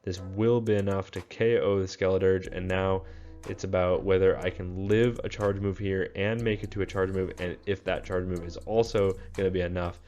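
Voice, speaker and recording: Low-voiced man commentating casually. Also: normal speed. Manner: tired, relaxed, many ums and fillers. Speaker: game commentator.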